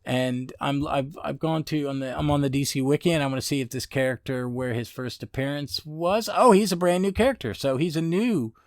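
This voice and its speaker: A man's voice: mid-range voice, fairly quick, few pauses, darkish tone, dry recording, studio quality. A man hosting a comic book podcast, recapping issues in a rambling way full of fillers and restarts.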